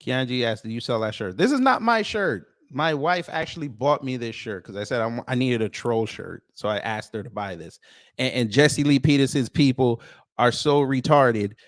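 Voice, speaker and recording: A man's voice: medium pitch, moderate pace, no echo, clean studio sound. Fired-up man hosting reaction commentary. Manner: animated, scolding, slangy. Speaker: commentary channel host.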